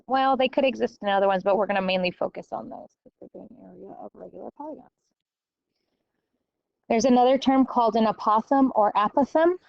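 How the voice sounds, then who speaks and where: A woman's voice: medium pitch, gravelly, a little mellow, no room sound, lo-fi sound. Woman teacher checking in with "okay?". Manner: explains step by step with frequent "okay?" checks. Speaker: math teacher. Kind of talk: recorded classroom lecture.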